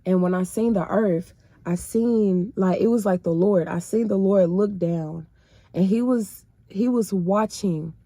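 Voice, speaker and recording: A woman's voice: mid-range voice, measured pace, dark tone, no echo. A woman sharing her personal faith testimony in casual, emotional storytelling, speaking straight to her viewers in a colloquial way.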